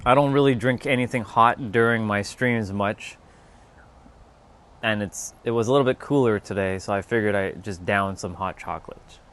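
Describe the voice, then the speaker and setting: A man's voice: lowish voice, moderate pace, a bit bright. A man hosting a casual livestream, chatting loosely with viewers, joking and swearing as he reads the chat aloud. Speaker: livestream host.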